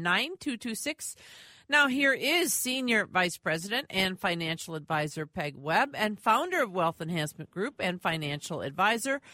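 A woman hosting a radio money show in a studio, upbeat and quick to laugh. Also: medium pitch, bright, forceful tone, no echo.

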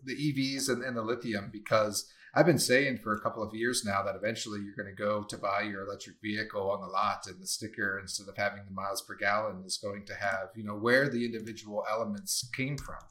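A man with a somewhat low voice co-hosts a casual podcast conversation. He is blunt and opinionated and swears without thinking twice. He reasons out loud in long, rambling sentences. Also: steady tone, fairly quick, hardly any pauses. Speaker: podcast co-host.

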